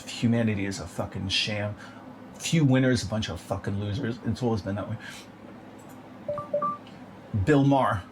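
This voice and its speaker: A man's voice: on the low side, normal speed, pauses often. A man delivering a bitter, profane, rambling rant on his own. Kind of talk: ranting monologue. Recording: noisy background.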